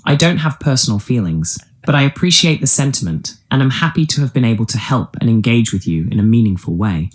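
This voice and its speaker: Synthetic-sounding male AI assistant, voiced by a man, polite, measured, lively in pitch. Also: a little hiss or hum, natural voice. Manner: even, polished, lecturing delivery. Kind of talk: text-to-speech answer played aloud.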